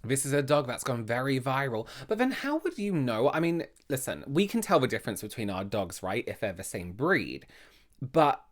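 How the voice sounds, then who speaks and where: A man hosting a reaction video, talking casually and with animated surprise straight to his viewers. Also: mid-range voice, moderate pace. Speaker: reaction channel host.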